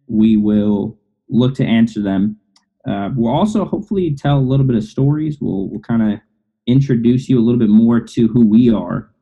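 A man hosting a casual podcast who talks in a relaxed, conversational way. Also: lowish voice, vocal fry, husky. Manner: relaxed, conversational host talk. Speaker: podcast host. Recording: dull lo-fi audio.

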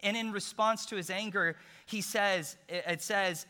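A man preaching a sermon in a forceful, tense voice that sits a little high. He tells the story in an animated way and drops jokes along the way. A long hall reverb trails each phrase. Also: unhurried, few pauses.

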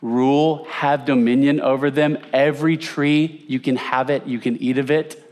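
A man's voice: medium pitch, steady tone, moderate pace, darkish tone. A man teaching a conversational Bible lesson, asking his audience questions and repeating words for emphasis. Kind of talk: teaching sermon with slides.

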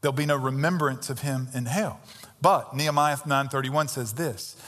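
A man's voice: medium pitch, normal speed, a bit bright. A man preaching a sermon as pastor, emphatic and conversational, with pointed rhetorical questions. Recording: long reverb of a large hall.

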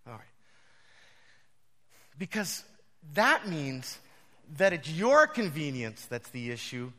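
Bright, lively male pastor telling stories. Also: mid-range voice. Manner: animated, laughs often while telling stories. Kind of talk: storytelling sermon. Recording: long reverb of a large hall.

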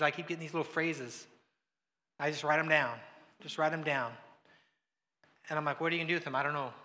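A man preaching a sermon in a conversational way, acting out the voices he quotes and swinging between loud and hushed. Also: on the high side, big-room sound. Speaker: pastor.

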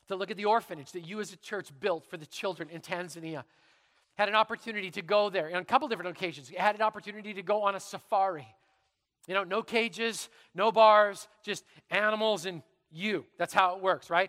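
A middle-aged man preaching a sermon in church, telling stories dramatically and dropping to a hush for emphasis. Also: high-pitched, long reverb tail. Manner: dramatic, animated storytelling with sudden drops to quiet. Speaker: pastor.

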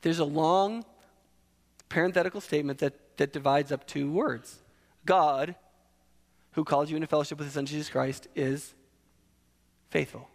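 A man's voice: on the high side, fairly even intonation, moderate pace, gravelly, pauses often, long reverb tail. A man preaching a sermon, emphatic, asking and answering his own questions.

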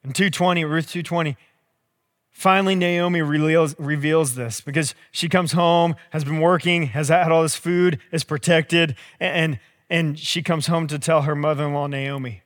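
A young adult man preaching a sermon in a conversational, storytelling way with animated asides. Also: on the high side, normal speed. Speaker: pastor. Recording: long hall reverb.

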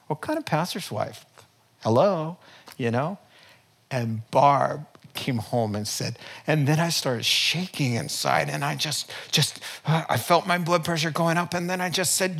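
A man preaching a sermon from a church platform in a conversational, storytelling way with lively asides. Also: mid-range voice. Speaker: pastor.

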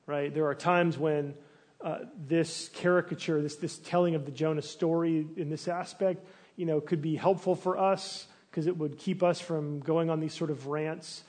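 A man's voice: a little high, normal speed. Conversational man preaching a sermon. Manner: conversational, searching questions to the congregation; restarts and fillers, animated when acting out complaints. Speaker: pastor.

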